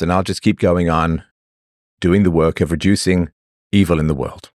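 Man, very low voice, livestream host, sarcastic, mocking monologue, dry sound. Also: fairly even intonation, moderate pace, a little mellow, dry recording. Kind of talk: opinionated monologue to a live chat.

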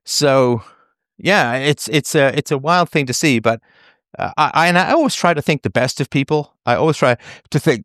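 A man's voice: fairly high pitch, moderate pace, fairly bright tone, no room sound. Emphatic male author, dry close sound. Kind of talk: conversational interview.

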